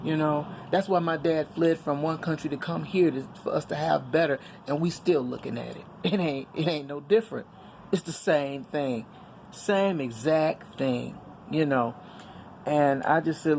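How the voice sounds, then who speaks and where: A woman's voice: low-pitched, moderate pace, a little mellow, a little hiss or hum. A middle-aged woman talking candidly and earnestly to her viewers in a casual personal vlog, preaching a little as she goes. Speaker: vlogger. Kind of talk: casual personal vlog on faith and current events.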